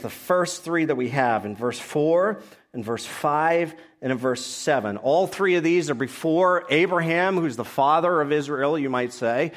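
A pastor with a medium-pitched voice preaches a sermon, reading scripture passages aloud and explaining them verse by verse.

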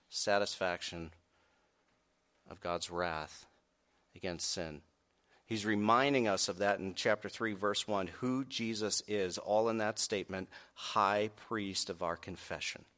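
A man preaching a sermon, asking the congregation direct questions and swinging from quiet earnest stretches to loud raised peaks. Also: lowish voice, a little slow. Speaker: pastor.

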